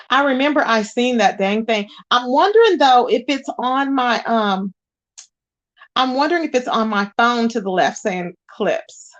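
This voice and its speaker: A woman's voice: a little high, expressive, unhurried, pauses often, dull audio. A woman hosting a casual livestream, greeting viewers and chatting while she searches her screen. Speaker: livestream host.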